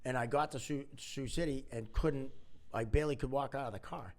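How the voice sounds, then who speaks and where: A man's voice: medium pitch, a little fast, darkish tone. A man co-hosting a podcast, telling a story in casual chat and often breaking into laughter. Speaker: podcast co-host.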